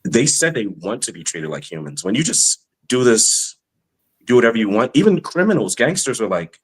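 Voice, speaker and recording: A man's voice: lowish voice, big pitch swings, moderate pace, poor audio. A man, a guest speaking plainly and rambling a little in casual chat. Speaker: podcast guest.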